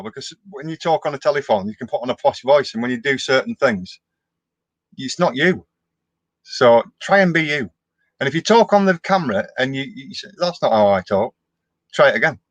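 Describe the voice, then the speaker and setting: A man's voice: medium pitch, a bit bright, no room sound, lo-fi sound. A middle-aged man, chatting casually on a live stream as he answers viewer comments, with a down-to-earth manner and frequent restarts. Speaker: vlogger hosting a live stream.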